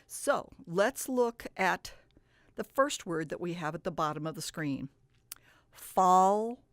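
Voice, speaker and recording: A woman's voice: lowish voice, lively intonation, a little slow, fairly bright tone, dry recording. A woman teaching reading, who explains patiently and stretches out words to model the sounds. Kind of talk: instructional talk.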